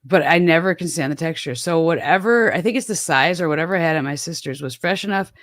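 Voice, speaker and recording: A woman's voice: low voice, fast, no room sound. A middle-aged woman from the American Midwest, chatting casually as a host, rambling and self-deprecating with many restarts. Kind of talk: casual chat.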